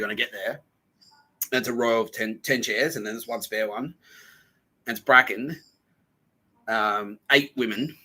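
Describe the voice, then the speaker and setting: A young man with a bright, edgy voice and a husky grain, talking off the cuff. He swears freely, laughs at his own stories, and tosses in quick mimicked lines. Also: lowish voice. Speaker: podcast host. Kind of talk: casual storytelling monologue.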